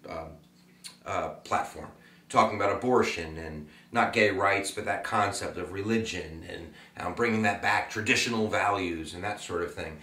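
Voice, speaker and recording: A man's voice: lowish voice, bright, forceful tone, echoey room, far from the mic. A man giving a casual, jokey classroom lecture with plenty of fillers. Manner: chatty, jokey, full of fillers. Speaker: teacher.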